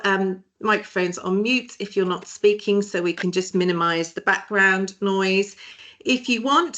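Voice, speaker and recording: A woman's voice: a little high, fairly bright tone. Chatty British woman hosting a webinar. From Britain. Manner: chatty, jokey, hesitant. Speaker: webinar host, HR firm director. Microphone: video call.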